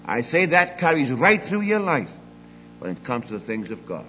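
An older man preaching a sermon, emphatic, moving between loud declarations and quiet asides. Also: medium pitch, very animated, normal speed, big-room sound, dull audio, slight background noise.

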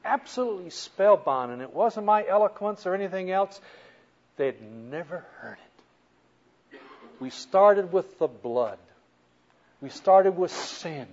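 A man preaching a sermon as a story, animated, moving from soft to loud. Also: high voice, unhurried, pauses often, dull audio.

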